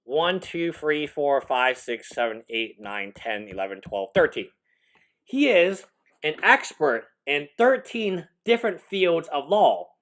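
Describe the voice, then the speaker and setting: A man's voice: a little high, sing-song, slow, a bit bright. Incredulous man reacting live. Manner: incredulous, laughing, rambling with restarts. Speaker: lawyer streamer reacting live.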